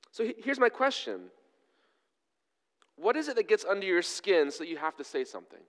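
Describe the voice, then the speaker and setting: A man preaching a conversational sermon as pastor, telling a story with relaxed fillers and self-deprecating asides. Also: high-pitched, brisk, pauses often, in a large hall.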